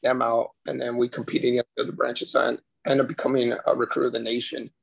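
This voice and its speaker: A man with a very gravelly, husky voice speaks earnestly as a podcast guest. His pitch stays flat as he tells his story in a casual way, often restarting his sentences. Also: quick pace. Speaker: podcast guest, former Marine recruiter.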